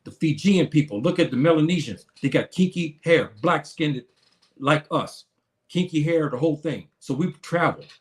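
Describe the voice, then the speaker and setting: Man, fairly high voice, live-stream lecturer, halting, restarts often, answers chat. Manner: halting, many restarts, reads and answers comments.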